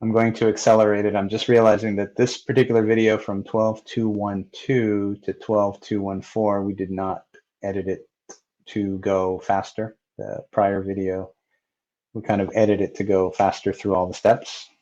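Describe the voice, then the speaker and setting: Low-voiced man narrating a dull lo-fi screencast. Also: little pitch movement, normal speed, a little mellow. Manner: plain, step-by-step narration with fillers. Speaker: software tutorial presenter. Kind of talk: screen-recorded technical walkthrough.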